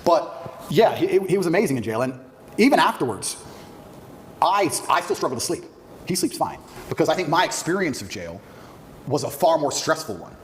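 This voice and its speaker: A man as a podcast guest, telling a story in an animated way, laughing as he goes. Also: on the high side, moderate pace, a little hiss or hum. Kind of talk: storytelling in an interview.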